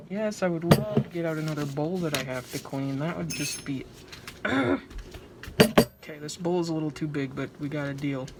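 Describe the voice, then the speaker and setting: Her low, gravelly voice narrates a craft project in a casual vlog recorded in a noisy home setting. This vlogger comes across as anxious and dramatic, poking fun at herself along the way.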